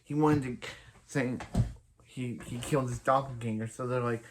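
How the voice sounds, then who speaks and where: A TV show reviewer gives a casual episode recap, rambling through scenes with lots of filler and quoting characters in his own everyday voice. His medium-pitched voice is fairly even in intonation at a moderate pace, with slight background noise.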